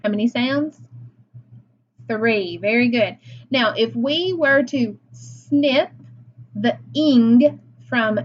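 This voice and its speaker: A woman teacher leading a phonics lesson for young children, slow and encouraging, pausing for their answers. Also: fairly high pitch. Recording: slightly dull lo-fi sound with faint noise.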